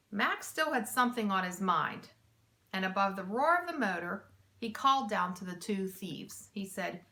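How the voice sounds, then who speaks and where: Slow, bright woman reading a storybook. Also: mid-range voice. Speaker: teacher. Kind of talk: reading a children's chapter book aloud.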